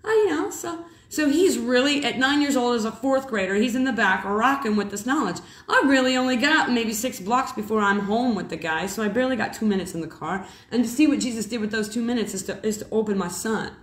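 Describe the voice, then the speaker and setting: Rambling, animated woman preaching to camera. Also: on the high side, a little fast. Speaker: mother and preacher. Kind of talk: casual spiritual storytelling. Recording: echoey room.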